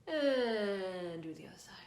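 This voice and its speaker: A woman singing coach guiding an online vocal warm-up lesson, giving calm, coaxing instructions. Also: mid-range voice, a little slow, reverberant.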